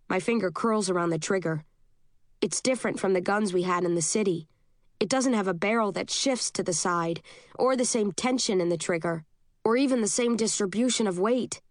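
In a mid-range voice, a woman reads a first-person novel aloud for an audiobook with a steady, measured delivery. The studio recording is clean, with no room sound.

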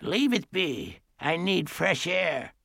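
A man voicing a very old, frail woman who speaks in a stately, curt way, slowly and softly. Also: medium pitch, very animated, gravelly, dry recording, studio quality, voice pushed up, exaggerated voice. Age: over 60. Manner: curt, stately, softened and slow.

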